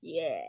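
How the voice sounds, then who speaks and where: A woman's voice: sits low, dry recording, muffled recording. A young woman chatting and exclaiming through a live game stream, laughing often. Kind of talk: casual live gameplay commentary.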